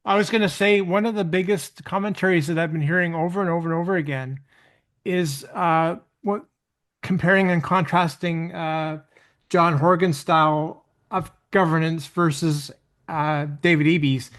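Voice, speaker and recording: A man with a notably high voice talks politics in a casual podcast conversation. He is relaxed and repeats himself for emphasis. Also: moderate pace. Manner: political commentary, relaxed and repetitive.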